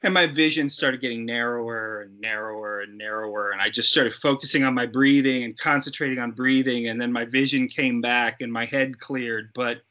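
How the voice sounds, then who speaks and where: A middle-aged man, a guest actor, telling lively stories in a casual interview and acting out the people he quotes. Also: mid-range voice, normal speed, hardly any pauses, dull audio. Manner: animated, acts out quoted voices. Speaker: guest actor and effects artist.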